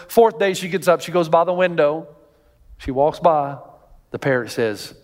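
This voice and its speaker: A man with a high voice preaches to a congregation, in an animated storytelling manner with acted-out quotes. His voice rings with a long hall reverb, as in a big church auditorium. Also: moderate pace. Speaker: pastor. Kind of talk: sermon.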